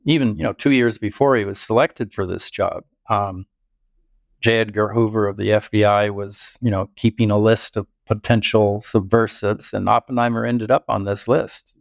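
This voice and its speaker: An older man, here as a biographer guest, offers thoughtful storytelling answers full of detail, chuckling from time to time. His voice sits on the low side and is creaky, with fairly even intonation at a moderate pace. The recording is clean studio sound, free of room sound.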